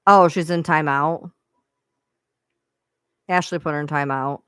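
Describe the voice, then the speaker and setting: A woman's voice: low voice, steady tone, unhurried, fairly bright tone, clean tone, no room sound, clean studio sound. Exasperated woman ranting on a live stream. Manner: exasperated, profane venting. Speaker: livestream host. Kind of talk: live-stream rant to viewers.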